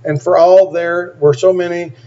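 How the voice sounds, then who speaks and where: A man's voice: high voice, flat delivery, normal speed, mellow, slight background noise. A man preaching a sermon, reading scripture aloud and stopping often to add plain, emphatic comments. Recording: dull lo-fi recording.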